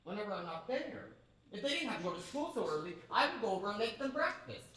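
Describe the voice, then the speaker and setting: A woman's voice: mid-range voice, very animated, fast, fairly bright tone. A woman playing a weepy, fussy divorced man. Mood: mopey. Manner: anxious, stammering, sentimental. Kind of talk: community stage play. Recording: very echoey theatre from far off.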